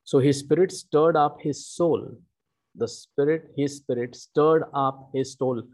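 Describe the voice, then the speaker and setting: A man preaching a sermon, teaching slowly and emphatically with frequent "okay" and "you know". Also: mid-range voice, darkish tone.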